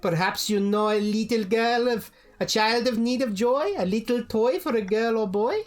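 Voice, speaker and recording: A woman voicing a heavy-set male toymaker in a jester's cap, speaking high, cheery and singsong with halting phrasing. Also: faint music behind, natural voice. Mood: cheery salesman. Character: eager odd male toymaker shopkeeper.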